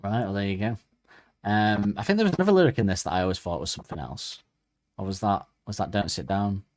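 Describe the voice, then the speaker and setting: Low-voiced man rambling in casual chat. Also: animated, fast. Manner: rambling, hesitant, many ums and restarts. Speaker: podcast co-host.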